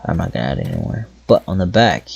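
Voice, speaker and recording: A man's voice: deep voice, huge pitch swings, fast, vocal fry, a little mellow, husky. A man giving casual gameplay commentary, muttering to himself while he plays. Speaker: gameplay video host.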